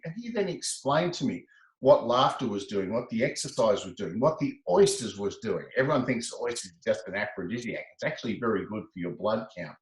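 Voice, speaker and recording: A middle-aged man, a guest telling his story in a casual interview, animated and quick to laugh. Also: on the low side, reverberant, low-quality recording. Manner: animated, breaks into laughter, repeats words.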